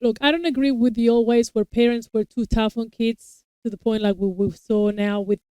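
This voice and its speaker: A woman in a relaxed chat, talking in long, winding explanations and restarting her sentences as she goes. Her voice is smooth and clear, recorded close and dry with no room sound. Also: a little high, moderate pace, no room sound, low-quality recording. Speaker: co-host reacting to a TV episode; parent of young children. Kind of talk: casual chat.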